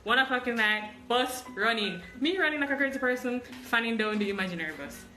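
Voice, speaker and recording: A woman's voice: on the high side, animated, quick pace, echoey room, over music. A woman with a Jamaican accent who hosts a podcast, animatedly telling a travel story and acting out the dialogue. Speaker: podcast host.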